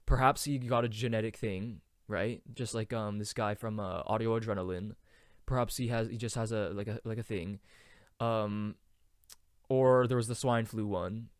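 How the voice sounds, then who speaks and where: A young man hosting a casual solo podcast, rambling with many fillers and now and then trying out falsetto singing. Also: steady tone, moderate pace, clear, resonant tone, no room sound, clean studio sound. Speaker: podcast host.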